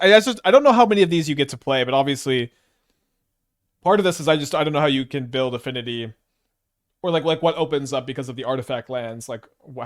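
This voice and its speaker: A man with a Canadian accent giving casual, rambling game commentary, thinking aloud with hesitant restarts. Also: mid-range voice. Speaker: gameplay commentator.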